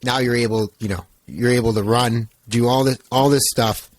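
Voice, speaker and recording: A man's voice: mid-range voice, steady tone, normal speed, no echo. A man hosting a podcast interview, reflecting back on his guest's story in an affirming way. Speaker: podcast host.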